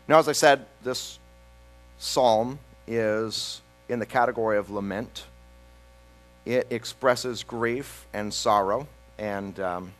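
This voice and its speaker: A man pastor reading a psalm aloud and then preaching a sermon, slowing down and pausing for emphasis. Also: mid-range voice, fairly bright tone, rough recording. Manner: reads scripture then preaches with slow, emphatic pauses.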